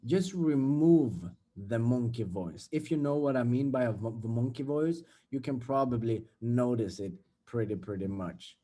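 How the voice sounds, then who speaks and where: A man's voice: medium pitch, normal speed, hardly any pauses, dark tone. A young man giving a casual, blunt motivational talk, swearing freely and acting out everyday scenes. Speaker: self-development vlogger.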